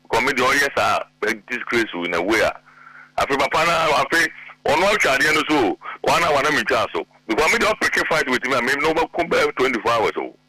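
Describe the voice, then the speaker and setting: Emphatic Ghanaian man, bright dry voice. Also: medium pitch, animated, brisk, no room sound, poor audio. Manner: emphatic, mixes Twi and English. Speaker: guest politician. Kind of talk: animated political talk show.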